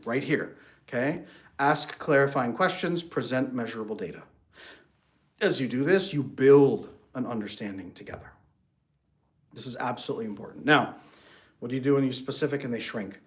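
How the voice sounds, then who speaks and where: A man coaching on marriage, talking in a lively way and breaking into playful mock voices for his examples. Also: mid-range voice. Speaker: relationship coach. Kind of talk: animated solo talk with acted-out examples.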